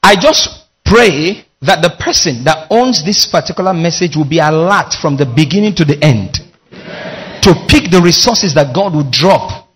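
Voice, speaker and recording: Husky, high-voiced male preacher. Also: lively intonation, normal speed. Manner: leads call-and-response, emphatic preaching. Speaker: pastor. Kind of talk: sermon.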